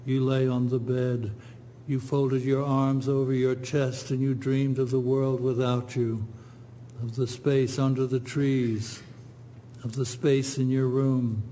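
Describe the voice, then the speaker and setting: A man giving a poetry reading, reciting in a slow, measured, even way. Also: medium pitch, a little hiss or hum. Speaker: poet.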